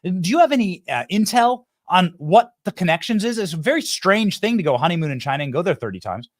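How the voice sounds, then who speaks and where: A man hosting a live political show, joking with his crew and interviewing a guest in a lively, teasing way. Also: high voice, fast talker, no room sound, studio quality. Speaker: host.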